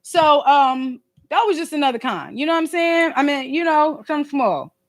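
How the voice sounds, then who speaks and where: Loud, high-voiced woman streaming. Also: moderate pace. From Philadelphia. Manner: animated and slangy, fond of rhetorical asides; loud and emphatic, sometimes snapping. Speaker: podcast host and livestreamer. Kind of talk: casual livestream chat. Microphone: phone livestream.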